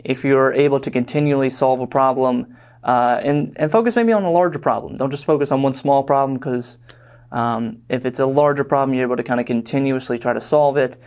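Young male instructor, mid pitch, casual, filler-heavy lecture delivery. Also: fairly quick, darkish tone. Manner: rambling, filler-heavy, conversational. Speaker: online course instructor.

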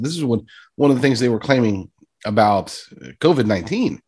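A man's voice: medium pitch, expressive, fairly quick, a little mellow, husky. A man giving sarcastic, rambling political commentary and addressing his listeners directly. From United States.

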